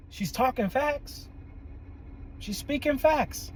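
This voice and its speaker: Man, therapist telling a story, animated, laughs a lot, higher voice. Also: unhurried, breathy edge, low-quality recording. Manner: animated, laughs often, quotes people in their own voices. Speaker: therapist, podcast host. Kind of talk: storytelling monologue.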